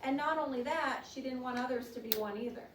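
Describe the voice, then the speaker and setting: Classroom teacher, female, expressive reader who coaxes answers; distant mic, noisy classroom. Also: high-pitched, fast. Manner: expressive reader, coaxing questions to students. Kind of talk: classroom poetry reading and discussion. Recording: roomy classroom sound from a distant mic with noise.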